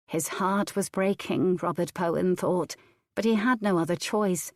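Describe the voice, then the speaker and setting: A woman reading a historical romance audiobook aloud in a measured storytelling manner. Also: lowish voice, steady tone, no room sound, studio quality. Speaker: audiobook narrator. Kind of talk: scripted audiobook narration.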